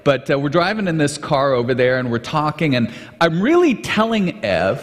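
Lively man preaching in a big hall. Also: a little high, moderate pace, few pauses. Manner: animated, conversational, with restarts. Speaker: pastor. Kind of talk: sermon storytelling. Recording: long reverb of a large hall.

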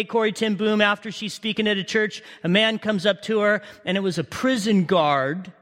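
A man with a high, bright, forceful voice preaches a sermon, pulling his listeners into the story with question after question. His voice carries a long reverb from a big hall. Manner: impassioned storytelling, repeated rhetorical questions.

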